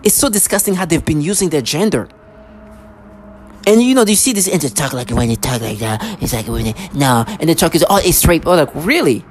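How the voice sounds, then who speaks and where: Vlogger, mid-pitched, agitated, repetitive, stammers and restarts often. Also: lively intonation, fairly quick, darkish tone, a little hiss or hum. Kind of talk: rambling personal monologue.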